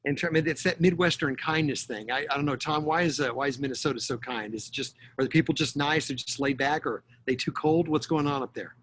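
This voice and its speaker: A man's voice: fairly high pitch, a little fast, few pauses, a bit bright, slight background noise. Chatty, jokey middle-aged man lecturing. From Texas, USA. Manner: chatty and jokey, many fillers. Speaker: guest lecturer. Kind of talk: joking online lecture. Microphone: video call.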